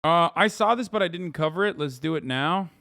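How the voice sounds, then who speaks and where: A man streaming live, reacting to clips with profane, mocking, animated commentary. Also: on the high side, fairly quick, creaky, dry recording, studio quality. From United States.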